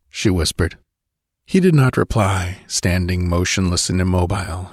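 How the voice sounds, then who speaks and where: A man narrating an audiobook in a measured, steady storytelling manner. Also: low voice, dry recording, studio quality. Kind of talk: scripted narration.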